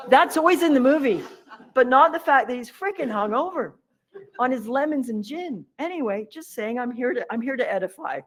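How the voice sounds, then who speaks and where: Speaking quickly in a high voice, a female meditation teacher delivers a funny dharma talk, recounting a tale in a lively, conversational way and acting out the characters for fun.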